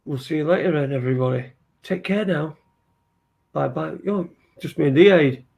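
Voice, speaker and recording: A man's voice: a little high, normal speed, creaky, darkish tone. A man hosting a casual podcast chat, bantering, laughing often and swearing freely. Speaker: podcast host.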